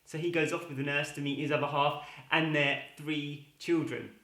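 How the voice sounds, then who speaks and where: A man's voice: on the high side, normal speed. A chatty man hosts his show and spins jokes in a slightly raised voice. His voice carries a roomy echo from a room at home. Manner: chatty, lively storyteller. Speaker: comedy show host. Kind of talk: joke telling to camera.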